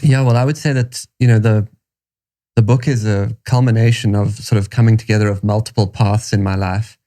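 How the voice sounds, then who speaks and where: A man from South Africa with a South African accent, a podcast guest telling his story in a measured, reflective way. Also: fairly low pitch, steady tone, mellow. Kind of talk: storytelling interview answer.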